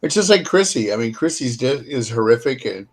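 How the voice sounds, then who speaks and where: A man's voice: medium pitch, animated. Easygoing man in casual chat. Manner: easygoing, agreeable, halting with fillers. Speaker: co-host of a fan podcast.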